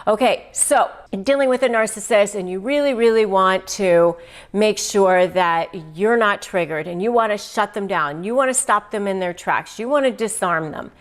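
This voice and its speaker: A middle-aged woman talks straight to the camera in an advice video. Her voice sits in a middle pitch, and she leans hard on key words, slipping into quoted lines with lively emphasis. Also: normal speed, faint music behind. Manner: animated, emphatic, acts out quoted phrases. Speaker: host, negotiation advice presenter.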